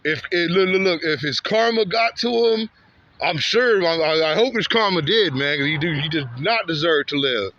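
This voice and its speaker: A man's voice: on the high side, expressive, normal speed, sharp tone, lo-fi sound, a little hiss or hum. A man from Santa Ana, California telling a story outdoors in a rambling, repetitive and heated way, often ending lines with "man" or "bro". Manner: frequent "man" and "bro" tags. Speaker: vlogger. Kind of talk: walking vlog storytelling. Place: outdoors on a street.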